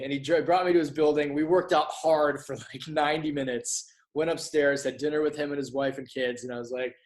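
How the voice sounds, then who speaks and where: A man's voice: fairly high pitch, fairly even intonation, a little fast, low-quality recording. Guy on a podcast telling a story, swears a lot, does the voices of people he quotes. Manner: candid, swears freely, acts out quoted dialogue. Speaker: podcast guest, author. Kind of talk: casual storytelling interview.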